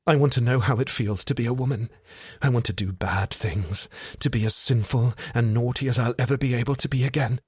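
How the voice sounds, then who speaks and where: A man's voice: medium pitch, brisk, a little mellow, slightly rough, no echo, clean studio sound, close to an everyday voice. A man voicing a shy, eager young spinster lady who speaks in hasty, breathless pleas. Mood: pleading.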